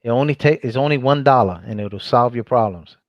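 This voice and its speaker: A man's voice: medium pitch, fairly quick, dry recording. Enthusiastic man on dull, dry call audio. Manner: enthusiastic, stumbling restarts. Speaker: guest. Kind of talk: casual chat.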